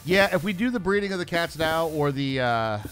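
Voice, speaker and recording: Male co-host, fairly high voice, jokey and easygoing, faint game music. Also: lively intonation, brisk, fairly bright tone. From Pennsylvania. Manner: laid-back, joking, thanks viewers. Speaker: streamer co-host. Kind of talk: casual gameplay chat.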